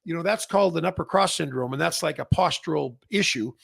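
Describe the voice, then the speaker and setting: Gravelly-voiced man rambling on an update. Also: fairly high pitch, fast talker, a bit bright, dry recording, clean studio sound. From Canada. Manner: rambling, many fillers and restarts. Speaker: massage chair retailer and host. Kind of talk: casual industry update monologue.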